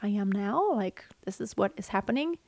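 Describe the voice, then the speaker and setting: A woman's voice: mid-range voice, lively intonation, normal speed, creaky, darkish tone, no room sound. A woman singing teacher explaining vocal technique in an earnest, instructive way. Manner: earnest, instructive, sings examples between explanations.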